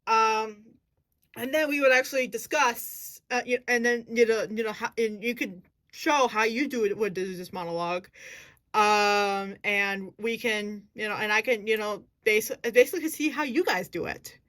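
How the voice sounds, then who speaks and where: A woman's voice: fairly high pitch, normal speed, a bit bright. A woman giving a casual acting lesson, earnest and thinking aloud as she restarts her sentences. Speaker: acting vlogger.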